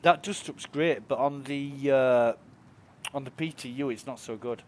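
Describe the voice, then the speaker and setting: A man streams a game, his medium-pitched voice a little slow and a little mellow. His casual commentary rambles over what he sees, in a laid-back manner with free swearing here and there.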